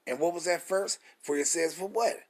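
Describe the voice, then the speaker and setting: With a husky, fairly high voice and a darkish tone, a man preaches scripture at a moderate pace in an emphatic street-style sermon. He drives his points home with repeated rhetorical questions and blunt swearing.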